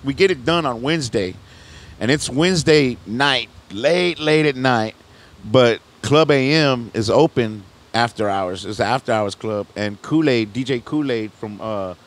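A man's voice: mid-range voice, a little slow. Laid-back man telling a long story. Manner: rambling, loose slang, frequent "you know what I'm saying", restarts and laughs. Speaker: rapper guest on a podcast. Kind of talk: casual storytelling interview.

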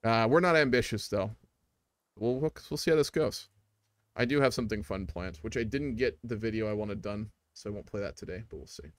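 A man's voice: fairly low pitch, fairly quick. A young man streaming a strategy game, chatting casually with viewers and rambling with fillers. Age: young adult. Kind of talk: casual live-stream commentary.

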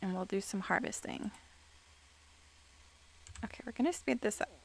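A woman giving excitable game commentary, reacting with quick exclamations and playfully scolding the characters on screen. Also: medium pitch, gravelly, slight background noise. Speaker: let's play gamer.

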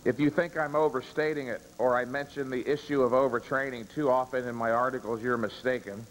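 A man giving a live seminar lecture to an audience, speaking emphatically and forcefully and posing rhetorical questions. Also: medium pitch, steady tone, brisk. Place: lecture room before an audience. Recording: reverberant hall with faint background noise.

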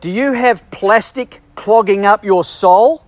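A man's voice: sits high, slow, no echo. A man preaching a sermon in a chatty, self-deprecating way with joking asides. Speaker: bishop preaching.

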